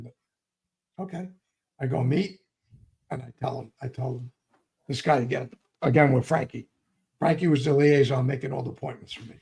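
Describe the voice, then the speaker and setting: A man's voice: mid-range voice, vocal fry, a little mellow. An older man, telling a long story in an interview and acting out both sides of old arguments. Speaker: interview guest.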